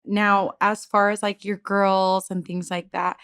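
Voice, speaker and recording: A woman's voice: medium pitch, little pitch movement, a little slow, a bit bright, clean tone, no room sound, clean studio sound. A woman podcast host in a casual interview, asking long rambling questions and affirming her guest.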